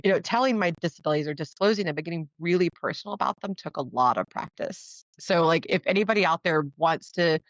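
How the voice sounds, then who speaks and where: A woman talking casually as a podcast guest, laughing often and acting out quoted people in a higher voice. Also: fast, few pauses, no echo. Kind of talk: casual interview conversation. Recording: dull dry lo-fi sound.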